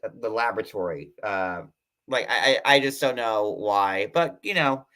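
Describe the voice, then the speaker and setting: A man runs a casual livestream in a fairly low yet bright, slightly sharp voice, sounding animated. His chatty, sarcastic patter is full of filler words and quick tangents.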